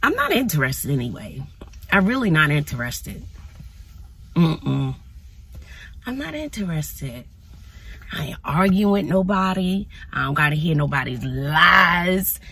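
A woman vlogging casually to her phone from her car, chatty and animated, talking to viewers as y'all. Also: deep voice, unhurried, long pauses, breathy edge. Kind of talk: casual vlog talk to camera. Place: in or near her car outdoors in sun.

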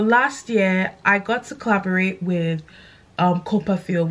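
A young woman with a London accent, chatting excitedly to camera in a casual vlog, gushing and animated. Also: mid-range voice. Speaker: content creator.

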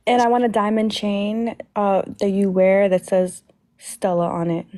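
A woman's voice: mid-range voice, a little slow, mellow. A woman in casual livestream banter, answering her rival with playful, mocking comebacks. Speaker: livestreamer in a live battle.

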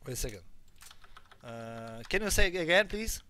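A man's voice: on the high side, sing-song, moderate pace, sharp tone, slight background noise. A man with a Polish accent streaming a shooter game, joking around in broken English with his teammates. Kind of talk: casual game-stream chat. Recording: gunfire from the game behind. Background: game gunfire.

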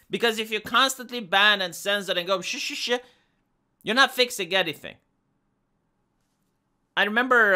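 A man's voice: high-pitched, pushed and bright. A man from Romania with a Romanian accent, giving an argumentative casual monologue as a streamer and often repeating words as he restarts. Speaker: live streamer.

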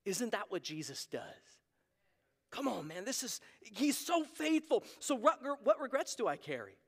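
A man's voice: sits high, big pitch swings, a little slow, a bit bright. A man preaching a sermon as pastor, talking in an earnest, conversational way and acting out quoted voices. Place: church sanctuary. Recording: long hall reverb.

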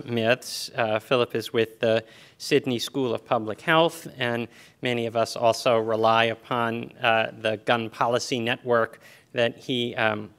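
A man moderating a conference, introducing the next speaker in a deliberate way with frequent pauses. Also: medium pitch, a bit bright. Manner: deliberate, halting with fillers.

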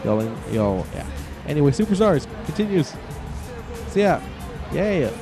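A man calling a wrestling video game with loose, excitable play-by-play. He rambles, then shouts when a big move lands. His voice sits a little high, with faint game music under it. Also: unhurried.

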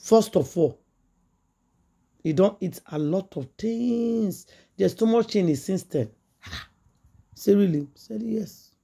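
A woman's voice: mid-range voice, expressive, takes it slowly, pauses often, warm tone, slightly rough. A woman with a Nigerian accent, a gossip vlogger retelling a story in Pidgin English and acting out the quoted dialogue in a chatty, dramatic way.

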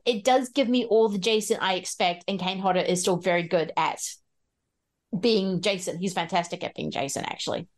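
A woman's voice: fairly low pitch, normal speed. A woman hosts a casual podcast chat from a video call. She talks freely and often breaks into laughter. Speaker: podcast host.

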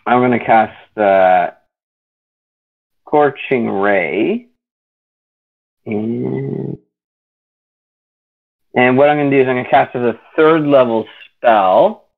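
A man's voice: medium pitch, measured pace. A man playing a tabletop game online, hesitant and self-mocking, swearing casually at his bad luck. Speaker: player. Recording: tinny phone-like voice chat line.

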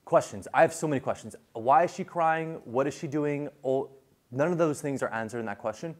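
A man lecturing a class in a casual, animated way, full of fillers and quick restarts. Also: mid-range voice.

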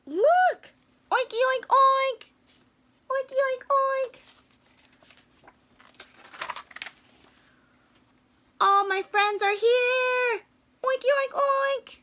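A woman's voice: very high-pitched, slow pace, sharp tone, a little hiss or hum, voice pushed up, exaggerated voice. A woman voicing a cheerful, bubbly little female pig in a children's storybook read-aloud, with squealing oinks and eager exclamations. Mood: excited.

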